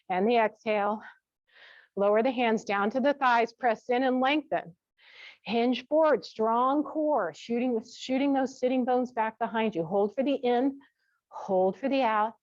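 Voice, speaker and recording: A woman teaching a gentle yoga class, cueing each step with relaxed, chatty asides. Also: fairly high pitch, no echo. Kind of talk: guided yoga class instruction. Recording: dull, dry lo-fi sound.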